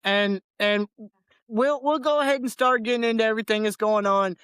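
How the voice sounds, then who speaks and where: A man's voice: sits high, fairly even intonation, a little fast, a bit bright, clear, resonant tone, no echo. A man co-hosting a casual wrestling podcast in a loose, laid-back way, often repeating words as he talks. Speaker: podcast co-host.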